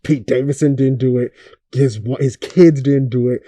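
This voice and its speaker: A man's voice: medium pitch, steady tone, normal speed, mellow, dry recording. A young man hosting a podcast, ranting in a casual, profane way and firing off rhetorical questions. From Oakland area. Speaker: podcast host.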